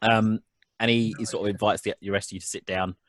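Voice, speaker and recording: A man's voice: fairly low pitch, level tone, fast talker, dry recording. A man narrating as game master of a tabletop game, in a rambling way full of ums and restarts.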